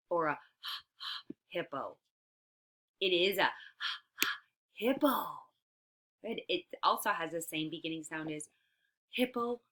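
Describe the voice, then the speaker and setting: A woman teacher giving a phonics lesson to young children, sounding out letters slowly and praising often. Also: fairly low pitch, bright, forceful tone, slight background noise. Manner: slow, stretched-out letter sounds, encouraging. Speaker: early-years teacher.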